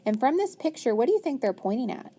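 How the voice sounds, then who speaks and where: A woman's voice: high-pitched, very animated, quick pace, mellow, slight background noise. A woman teaching a phonics lesson, patiently sounding words out and praising often. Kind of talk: phonics lesson, working through a worksheet.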